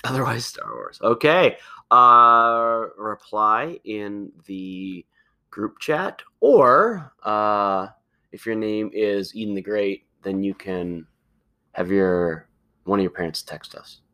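A father co-hosts a casual family podcast, his voice bright and forward. He talks loosely and halts often, leaning on fillers and quick restarts as he keeps the chat moving. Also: lowish voice, lively intonation. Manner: loose and halting, many fillers. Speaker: podcast co-host and parent.

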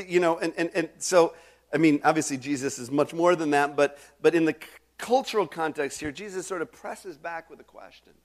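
A man's voice: on the high side, fairly quick. A middle-aged male pastor preaching a sermon in a conversational way, full of restarts and asides to the congregation.

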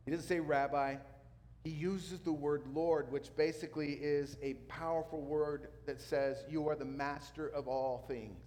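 Male pastor, lively preaching voice pitched a little high, long hall reverb. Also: measured pace. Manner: animated preaching, acts out quotes. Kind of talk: sermon.

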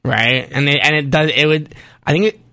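A man from Canada co-hosting a sports podcast, chatting casually in animated bursts with quick asides. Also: fairly high pitch. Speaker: podcast co-host.

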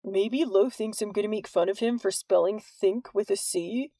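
A woman voicing a cheeky, wisecracking teenage schoolboy who talks in a low, dry, sarcastic way. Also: moderate pace, warm tone, no echo, lightly acted.

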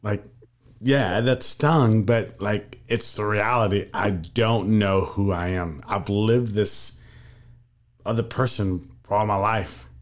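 A male interviewer with a somewhat low voice. He cuts in eagerly and talks in a loose, casual way, full of fillers like "like" and "I mean.". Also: slow. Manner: eager, jumps in with filler-heavy reactions. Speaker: host. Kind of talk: casual conversation.

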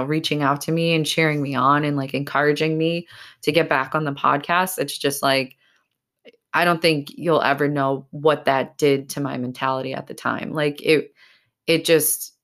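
A woman from Massachusetts hosts her own podcast in a casual ramble. Her voice sits very low, and she talks through tears, choked up, filling pauses with "um" and "like". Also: a bit bright. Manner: emotional, choked up, rambling with many fillers. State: tearful. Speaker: podcast host. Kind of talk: casual solo podcast talk.

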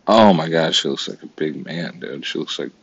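Deep, husky-voiced man muttering exasperated commentary. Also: moderate pace, no room sound, muffled recording. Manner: swearing, exasperated, talks to himself. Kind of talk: casual commentary while browsing online.

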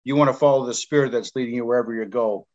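A man's voice: medium pitch, steady tone, racing, darkish tone. Earnest man preaching over a lo-fi call. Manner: repetitive, earnest exhortation with stumbles. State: ill with covid. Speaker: Bible class teacher. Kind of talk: preaching in an online Bible class.

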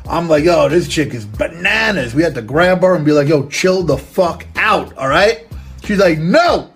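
Young guy spinning a raunchy story, street slang, swears a lot, voice kinda on the high side, faint music behind. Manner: streetwise slang, profane, lots of "you know what I'm saying". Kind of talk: casual crude storytelling.

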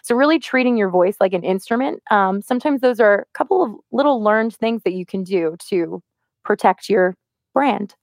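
A woman co-hosting a casual podcast and giving voice tips, with a slight vocal fry and an animated, lively delivery. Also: medium pitch, normal speed, no room sound, clean studio sound. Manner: lively, animated, lots of laughs and vocal demos. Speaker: co-host, voice-over artist.

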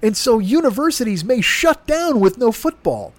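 A man's voice: extremely high pitch, very animated, moderate pace, no room sound. A man hosting a comedy podcast, delivering an exasperated, profane, rambling rant. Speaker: podcast host. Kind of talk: ranting comedy podcast monologue.

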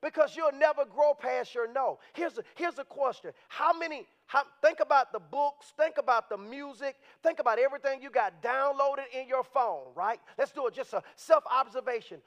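High-voiced animated male preacher. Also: normal speed, few pauses. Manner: animated, conversational, rising to shouts. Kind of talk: sermon. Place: church sanctuary. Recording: dull, lo-fi sound.

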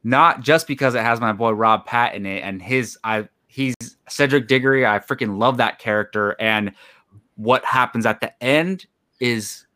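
A man's voice: medium pitch, moderate pace, sharp tone. A young man hosting a casual podcast chat, enthusiastic and laid-back as he leads the segments. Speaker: podcast host.

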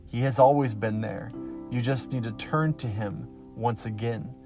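A man preaches a devotional podcast sermon in an earnest, emphatic way, pausing to let lines land. His voice sits at an ordinary middle pitch. Soft guitar plays faintly beneath him. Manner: slow, earnest, emphatic with pauses.

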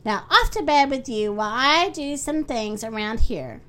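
A woman's voice: high voice, animated, normal speed, fairly bright tone. A woman voicing an eager, fussy little woman who insists on helping, in a storybook reading.

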